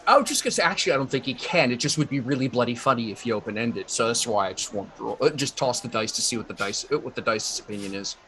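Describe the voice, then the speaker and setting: A man's voice: medium pitch, animated, quick pace, hardly any pauses, pushed and bright, slight background noise. A man narrating as game master of a tabletop game, chatty and chuckling often. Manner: chuckling, chatty, lots of fillers.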